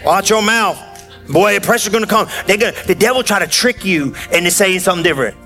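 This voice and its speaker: A man preaching a sermon in a loose, conversational storytelling way, breaking into shouted bursts of excitement. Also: sits high, quick pace, soft background music.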